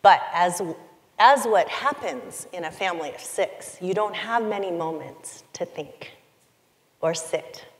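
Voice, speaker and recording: Slow, reverberant middle-aged woman storyteller. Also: lowish voice, animated. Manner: confessional, emotive, deliberate pauses. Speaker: keynote speaker. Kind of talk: personal storytelling talk. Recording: long hall reverb.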